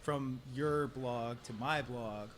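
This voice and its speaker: A man co-hosting a podcast, explaining things in a relaxed, easy way. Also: mid-range voice, takes it slowly. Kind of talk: casual podcast discussion.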